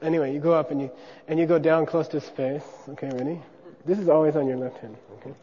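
Brief: high-pitched male teacher, joking, barks drill syllables for students to echo; muffled hall recording. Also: fairly even intonation, fast talker. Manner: joking, drills syllables loudly for the class to repeat. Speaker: teacher of monastic debate. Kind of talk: hands-on class demonstration with call-and-response drills. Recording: dull recording in a reverberant hall.

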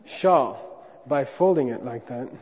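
In a dull, echoey hall recording with background noise, a man with a medium-pitched voice teaches a debate class at a slow pace. He jokes and calls out syllables that the room repeats back, making it a hands-on demonstration with call-and-response drills.

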